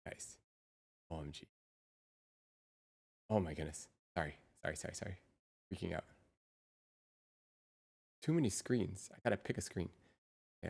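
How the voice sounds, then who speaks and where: A woman's voice: very deep voice, creaky, warm tone, husky. A woman streamer chatting casually with her viewers through a real-time AI voice changer, muttering to herself while she sets up her screens. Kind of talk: casual live-stream chat.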